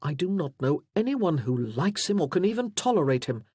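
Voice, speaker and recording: A man doing a protective gentleman friend. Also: a little high, lively intonation, moderate pace, slightly rough, no echo, clean studio sound. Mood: indignant. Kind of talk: audiobook character voice.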